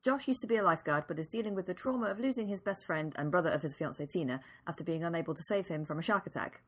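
Lower-voiced woman co-host, laid back, lots of um and uh. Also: rapid-fire, slightly rough. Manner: relaxed, hedging with "um" and "uh". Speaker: podcast co-host. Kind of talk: casual chat and read synopsis.

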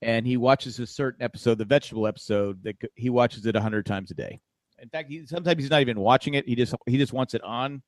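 A man's voice: medium pitch, quick pace, no room sound. A man co-hosting a podcast in casual chat, joking and ranting in mock exasperation. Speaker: podcast co-host.

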